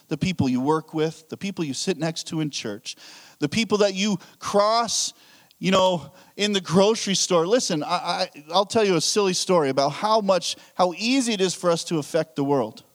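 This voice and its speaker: A man's voice: sits high, normal speed. A pastor preaching a sermon, telling a story and acting out his own thoughts. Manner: animated storytelling with acted-out inner thoughts.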